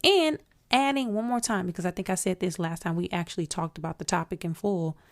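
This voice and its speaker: A woman's voice: lowish voice, a little fast. A woman hosting a solo commentary podcast, outspoken and emphatic, talking straight to her listeners. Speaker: podcast host.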